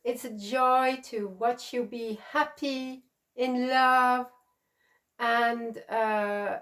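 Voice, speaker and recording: Slow-talking, gushing woman vlogger. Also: a little high, fairly even intonation. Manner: warm, gushing, emotional. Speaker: crochet channel host. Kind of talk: casual vlog chat.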